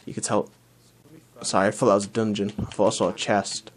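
A man's voice: on the low side, little pitch movement, a little fast. Chatty young gamer man. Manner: rambling, chatty, swears casually. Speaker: let's play host. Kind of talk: casual gaming commentary.

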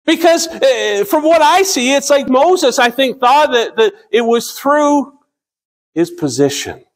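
A man in his fifties delivers a sermon with a notably high-pitched voice. He speaks earnestly, drawing out scripture readings slowly and often stumbling and restarting mid-sentence. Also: very animated. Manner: earnest, slows down to read scripture, frequent restarts. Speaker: pastor.

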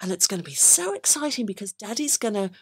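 A middle-aged woman hosts a parenting chat, her pitch swinging up and down as she tells stories. The sound is dry and close, with no room around her. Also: fast talker, husky, no room sound. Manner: animated storytelling, acts out quoted voices. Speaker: podcast host, baby sleep consultant. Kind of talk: casual chat with parenting advice.

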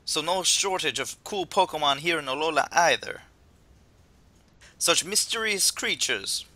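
A man voicing a cheery, upbeat male professor who welcomes newcomers, with a booming, playful delivery that attempts a put-on lilt. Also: lively intonation, moderate pace, pushed and bright. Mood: cheerful.

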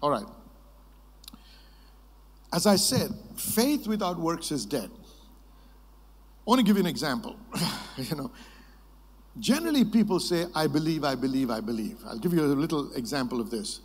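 A male preacher delivering a sermon to a conference, telling stories in a lively way and prompting the congregation to answer. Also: on the high side, measured pace, pauses often, husky. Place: large conference hall. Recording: long reverb of a large hall.

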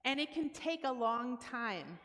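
Woman, church speaker, conversational sermon, slightly high voice, long hall reverb. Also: very animated, unhurried, fairly bright tone. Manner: explains steps plainly, acting out everyday dialogue. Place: church sanctuary.

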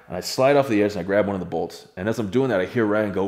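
A young man with a low voice tells a story at a quick clip. He is laid-back and casually profane, talking like he is chatting with friends.

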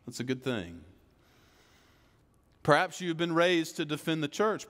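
A man preaching a sermon as pastor, slow and emphatic, building on repeated phrases. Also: fairly high pitch, fairly bright tone. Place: church sanctuary. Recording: long church reverb.

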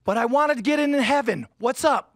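High-voiced man doing stand-up. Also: fairly quick, a bit bright, no echo, clean studio sound. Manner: punchy joke delivery, acts out silly voices. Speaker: stand-up comedian. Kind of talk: stand-up comedy set. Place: stage before a live audience.

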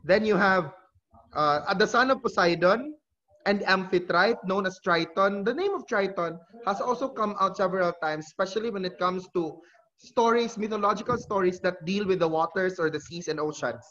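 A male teacher gives an online lecture. His voice sits high. The audio is muffled, as over a video call, and he fixes his own slips as he explains. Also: moderate pace, fairly bright tone. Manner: explanatory, with self-corrections. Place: home during a video call. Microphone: computer mic on a video call.

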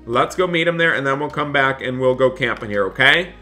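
A young man hosting a gaming roleplay as a father, excitable and talking straight to viewers, given to repeated exclamations. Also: mid-range voice, brisk, faint music behind. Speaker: gaming channel host playing a father. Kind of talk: casual roleplay gameplay commentary.

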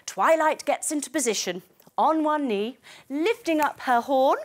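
Playful, high-voiced woman leading kids' yoga. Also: unhurried. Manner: playful, animated, gives gentle instructions. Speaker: kids yoga teacher. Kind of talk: storytelling yoga class for children.

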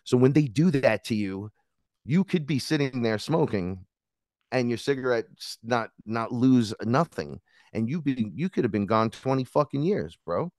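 A man guesting on a podcast, telling animated stories in casual chat, swearing freely and acting out the voices of people in his tales. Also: medium pitch, measured pace, no echo, clean studio sound.

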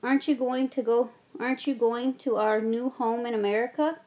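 A woman's voice: fairly high pitch, fairly even intonation, normal speed, darkish tone, lightly acted. A woman voicing a caring young Irish girl who soothes her little brothers. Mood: soothing.

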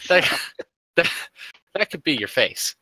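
A man's voice: a little high, very animated, takes it slowly, bright, forceful tone, no room sound, rough recording. Brash, swearing male player. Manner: brash, swearing, threatening in character. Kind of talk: in-character tabletop play.

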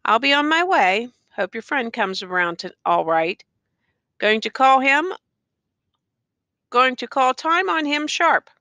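A woman's voice: sits high, sing-song, measured pace, long pauses, pushed and bright, dry recording, voice pushed up, exaggerated voice. Woman reading as a friendly beat cop. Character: friendly beat policeman, male, easygoing.

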